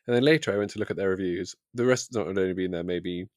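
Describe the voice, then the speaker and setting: Podcast co-host, wry and teasing, lower voice, dry close mic. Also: male voice, very fast, darkish tone, no room sound. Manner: wry, teasing, arch understatement. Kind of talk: casual chat.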